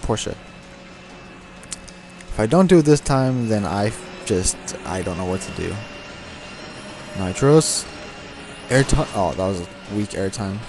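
A man's voice: lowish voice, lively intonation, takes it slowly, pauses often, a little mellow, a little hiss or hum. A young man commenting on his own racing game play, swearing and grumbling at the cars as he drives. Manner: frustrated, swearing, talking to the game. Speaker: gameplay commentator. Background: game music and car sounds.

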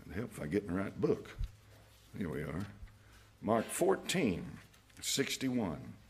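A man's voice: lowish voice, big pitch swings, unhurried, vocal fry, slight background noise. A man preaching a sermon in a folksy, emphatic way, chuckling at his own jabs. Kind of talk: fiery evening sermon.

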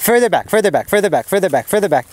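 Brisk director calling out directions. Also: medium pitch, big pitch swings, a little mellow, slight background noise. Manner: giving brisk directions, laughing. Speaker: director of the sketch.

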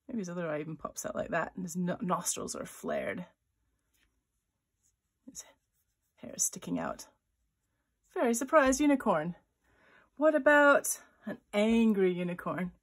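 Her voice is lowish, swinging widely in pitch, unhurried and full of pauses. The author-illustrator talks through her sketches playfully in a kids' drawing tutorial, adding small sound effects to her pictures.

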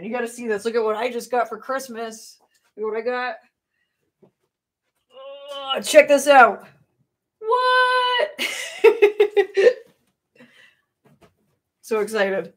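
Bubbly, animated woman streamer. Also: fairly high pitch. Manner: bubbly, greets chatters, frequent laughs. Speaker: streamer opening trading cards. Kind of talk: live stream chat.

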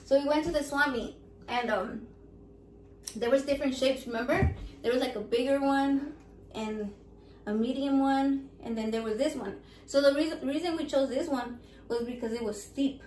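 High-pitched and at a moderate pace, a woman vlogger chats casually about her raffle, playful, loud and profane as she switches between English and Spanish. Faint background noise fills the echoey room.

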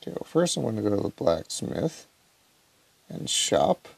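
A man casually commenting to himself as he plays a mobile action game, relaxed and muttering. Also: on the low side, normal speed, vocal fry, breathy edge, no room sound. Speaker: mobile gamer.

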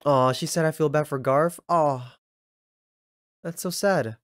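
A young man giving casual, excitable reaction commentary, laughing often and reading lines aloud in a slangy way. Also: a little high, a little slow, pauses often, no echo, studio quality. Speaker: anime reaction youtuber.

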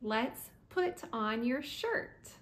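A woman teaching first words to toddlers, repeating single words slowly and clearly. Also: on the high side, big pitch swings, a bit bright. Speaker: preschool teacher.

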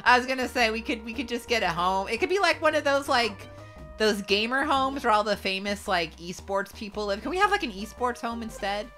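A woman co-hosting a casual retro gaming stream, excitable, reading chat aloud and swearing now and then. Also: fairly high pitch, a little fast, soft background music. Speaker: streamer co-host.

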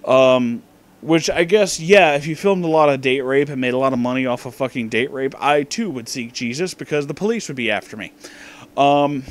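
A man's voice: mid-range voice, normal speed. A young man giving a profane, sarcastic comedic movie review, ranting about the film. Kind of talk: drunk comedic movie rant.

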